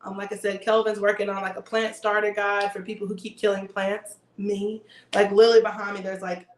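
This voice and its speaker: A woman's voice: medium pitch, level tone, brisk, roomy sound, slight background noise. A woman hosting a casual livestream, chatting and joking with viewers. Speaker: livestream host.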